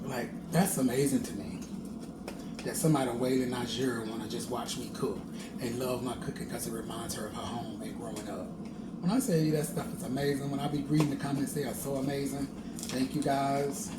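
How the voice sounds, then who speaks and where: A man's voice: mid-range voice, normal speed, pauses often. A man chatting casually while cooking in his home kitchen, playful and sing-song, laughing often, filmed by a camera set at a distance. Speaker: cooking vlogger. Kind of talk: casual cooking vlog chat. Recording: echoey kitchen with background noise.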